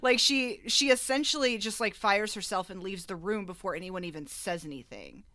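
A woman co-hosts a podcast and retells film scenes with animated, chatty energy, scattering "like" through her sentences. Her voice is very bright and forward, recorded dry and close with almost no room sound. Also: medium pitch, moderate pace, no echo. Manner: animated storyteller, frequent "like", laughs. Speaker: podcast co-host. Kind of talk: casual chat.

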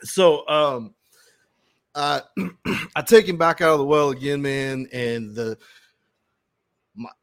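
A man's voice: a little high, fairly even intonation, slow, pauses often, no room sound, studio quality. Profane, rambling male podcast host. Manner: rambling, profane, with frequent restarts. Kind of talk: casual storytelling chat.

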